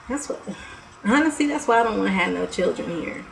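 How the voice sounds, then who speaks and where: A woman's voice: medium pitch, lively intonation, normal speed, creaky, rough recording. A young woman vlogger talking to the camera in a heated, blunt, profane rant, breaking off with laughs and sighs.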